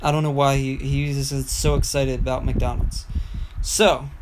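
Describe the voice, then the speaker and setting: A man's voice: medium pitch, flat delivery, moderate pace, noisy background. A young man chatting on his gaming livestream, telling a meandering story with frequent restarts. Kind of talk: casual rambling livestream chat.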